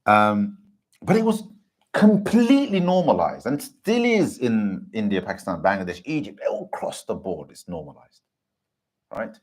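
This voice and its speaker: A man giving an earnest, impassioned religious talk to a gathering, often pausing to ask if listeners understand. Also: on the low side, sing-song. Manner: earnest, keeps asking "do you understand?". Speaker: Islamic teacher giving a talk.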